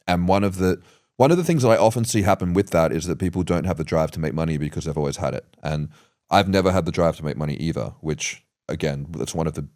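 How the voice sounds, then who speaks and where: A man's voice: a bass voice, darkish tone, no echo, studio quality. An Australian man in his thirties talking earnestly and reflectively in a casual podcast conversation, with many fillers and restarts. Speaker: podcast host.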